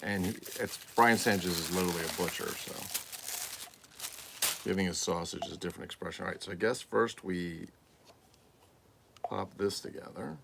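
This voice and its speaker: A man's voice: sits low, moderate pace, vocal fry, pauses often, background noise. A man hosting a casual livestream, putting together a collectible mask while chatting and cracking crude jokes to his viewers. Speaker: toy collector livestream host. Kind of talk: casual unboxing livestream chat.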